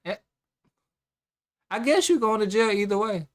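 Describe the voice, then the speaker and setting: A man's voice: high voice, animated, unhurried. A man hosting a reaction video, mocking and incredulous as he comments. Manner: sarcastic, incredulous, teasing. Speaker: reaction channel host.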